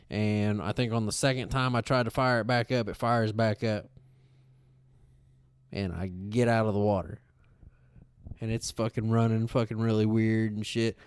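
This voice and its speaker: A podcast co-host speaks in a clear, resonant mid-range voice at a moderate pace, recorded in a clean studio with no room sound. He's an animated, profane storyteller, spinning a long rambling tale with plenty of swearing.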